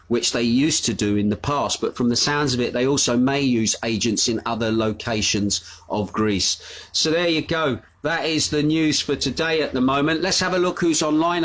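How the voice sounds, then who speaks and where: A middle-aged man hosting a live news stream from his home, chatting casually, greeting viewers by name and filling pauses with "uh". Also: mid-range voice, fairly bright tone. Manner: chatty, reads viewer names and comments aloud with frequent "uh" fillers. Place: home studio.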